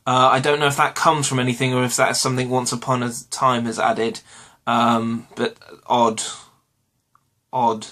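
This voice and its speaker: British man, bright clear voice, rambling casual vlog, lots of ums, home room. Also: medium pitch, little pitch movement, normal speed. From Britain. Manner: rambling, self-correcting, lots of ums and uhs. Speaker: vlogger. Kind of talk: casual episode review vlog. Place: home room with washing hung behind.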